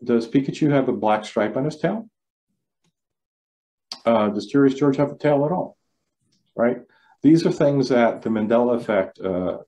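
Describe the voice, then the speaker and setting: A man's voice: fairly low pitch, dark tone. A man giving a critical thinking talk over a video call, loose and repetitive, often asking his listeners questions. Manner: loose, repeats words, asks the audience questions. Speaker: lecturer. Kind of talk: online talk to a club.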